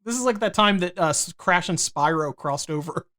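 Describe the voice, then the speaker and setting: High-voiced rambling jokey man. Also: animated, normal speed, pushed and bright. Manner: rambling, profane, jokey with filler restarts. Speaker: podcast co-host. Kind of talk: casual chat.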